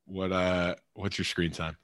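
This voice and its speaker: A man's voice: low voice, little pitch movement, measured pace, fairly bright tone, no room sound, studio quality. A young man co-hosting a podcast in casual chat, rambling with lots of "like" and "literally". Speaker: podcast co-host, pro baseball player.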